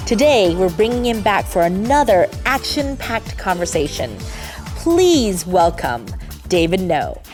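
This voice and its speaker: A young woman hosts an English-learning interview show from a TV studio. Her voice is lively and swoops up and down as she chats and laughs, now and then explaining a word in Korean. Faint music sits underneath. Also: mid-range voice, unhurried. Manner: bubbly, laughs often, drops in Korean explanations. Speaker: TV show host.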